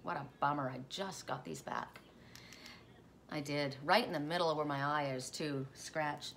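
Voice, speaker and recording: Low-voiced woman telling a dream. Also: animated, moderate pace, creaky, a bit bright, a little hiss or hum. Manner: rambling, self-interrupting. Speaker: tarot reader. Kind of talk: casual spoken storytelling.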